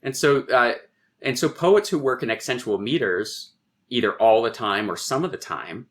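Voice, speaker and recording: A middle-aged poet being interviewed on a podcast, explaining in a professorial way and thinking aloud with frequent restarts. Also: male voice, medium pitch, animated, normal speed. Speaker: poet and guest.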